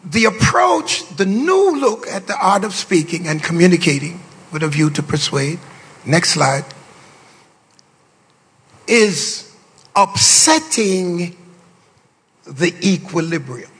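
An older man, a bishop, preaching a sermon to pastors with playful, boastful asides, drawling low and then bursting into shouts. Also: expressive, takes it slowly, pauses often, breathy edge. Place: large hall. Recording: long reverb of a large hall.

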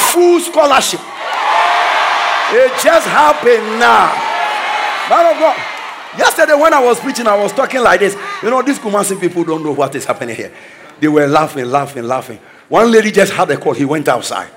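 High, lively preacher man. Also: noisy background. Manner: exclaiming declarations, swinging between soft asides and shouts. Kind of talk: energetic sermon with storytelling.

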